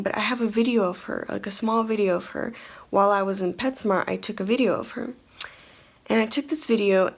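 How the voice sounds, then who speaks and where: A young woman chats straight to her viewers in a casual storytime. She rambles and restarts, leaning on "like" as she goes, and her voice has a creaky, gravelly edge at a medium pitch. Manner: rambling, many "like" fillers and restarts. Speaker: vlogger.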